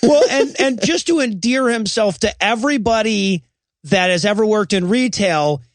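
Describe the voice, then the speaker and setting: A man's voice: sits high, moderate pace, dry recording. A man co-hosting a comedy podcast, recapping a film in a profane, storytelling way and acting out lines. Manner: profane, storytelling, acts out quotes. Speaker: podcast co-host.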